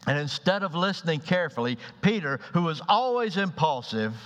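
A pastor preaches a sermon in church, his bright, sing-song voice moving a little fast. He delivers it dramatically, acting out the voices in his stories with rising pitch. The lo-fi recording carries a long hall reverb.

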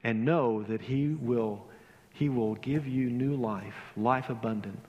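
A man preaching an earnest sermon in a church, his voice building in emphasis and then dropping soft. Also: medium pitch, slow, breathy edge, in a large hall, highs cut off. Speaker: pastor. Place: church sanctuary.

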